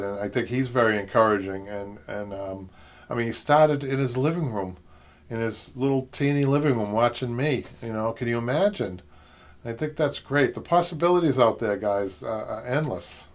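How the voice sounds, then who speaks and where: Chatty Boston-accented man hosting. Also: mid-range voice. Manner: chatty, rambling, laughs often. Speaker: upholstery show host. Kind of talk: live-stream chat reading viewer comments.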